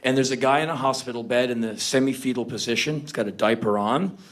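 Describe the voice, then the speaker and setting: A man in his fifties doing a comic spoken word monologue on stage, animated and given to sudden loud outbursts. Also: medium pitch, fast talker. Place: stage before an audience.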